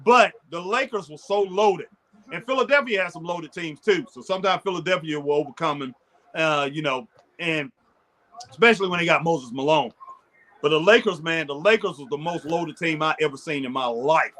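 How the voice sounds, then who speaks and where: A man with a high, bright voice chats casually about old basketball greats. He gets excited quickly and laughs often as he looks back on the old days. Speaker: podcast co-host. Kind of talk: casual sports chat.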